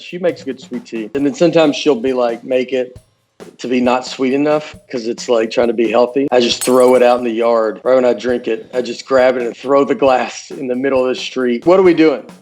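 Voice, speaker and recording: A man's voice: medium pitch, a little fast, few pauses, a little mellow, soft background music. A man from Tennessee with a Southern accent, a comedian answering interview questions in a rambling, self-interrupting way with dry asides. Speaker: comedian guest. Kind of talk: casual interview chat.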